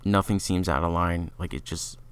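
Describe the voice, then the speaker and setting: A man's voice: low-pitched, flat delivery, moderate pace, clear, resonant tone. A young man hosting a podcast, giving an opinionated, rambling review of an album in a casual way with lots of filler words. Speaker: podcast host.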